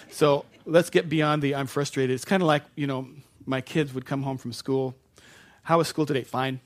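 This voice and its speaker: Preaching in a conversational style, this middle-aged pastor has a mid-range voice. He stops to correct himself, then abruptly raises his volume to stress a point.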